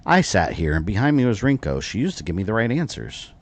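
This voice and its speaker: A man's voice: fairly low pitch, very animated, fast talker, hardly any pauses, dry recording. An American man from Florida, chatting and rambling through live gameplay commentary as a streamer, often drifting off into side stories. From Florida, USA. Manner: chatty, rambling, wanders off on tangents.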